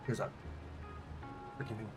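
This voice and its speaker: A man's voice: normal speed, soft background music. A man streaming a video game, chatting casually with his viewers and swearing at the game as he plays. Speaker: gaming streamer. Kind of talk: live game stream commentary. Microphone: desk condenser mic.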